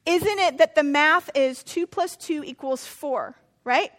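A woman's voice: high-pitched, measured pace, fairly bright tone. A middle-aged woman pastor giving a conversational sermon, now and then acting out what biblical figures might say. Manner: conversational preaching, acts out voices of biblical figures.

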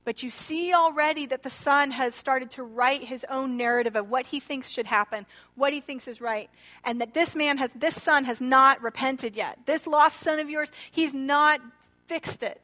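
A woman preaching a sermon in a church, retelling a parable expressively and acting out the quoted lines. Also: moderate pace. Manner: expressive, acts out quoted speech with shifting pitch and loudness. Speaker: pastor.

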